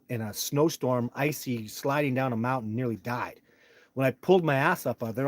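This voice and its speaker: A man's voice: mid-range voice, dry recording. Emphatic man ranting on a live stream. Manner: emphatic, heats up into loud indignant rants with cursing. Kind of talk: live stream monologue answering chat.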